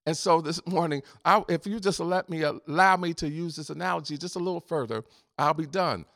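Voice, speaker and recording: A male pastor delivers a sermon in a fairly high voice with a gravelly edge. He asks rhetorical questions and hammers home repeated refrains. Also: a little fast, a bit bright.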